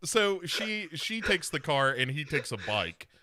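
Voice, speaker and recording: A man's voice: fairly high pitch, big pitch swings, unhurried, a crowd in the background. A male podcast co-host recapping films in casual chat, telling the story with animation and acting out the characters.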